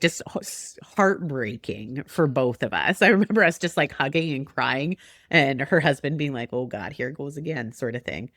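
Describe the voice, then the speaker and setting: A woman's voice: extremely low pitch, no echo, studio quality. A woman in her forties, a podcast guest chatting casually and acting out remembered conversations. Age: 40s. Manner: animated, acts out remembered talk with laughs.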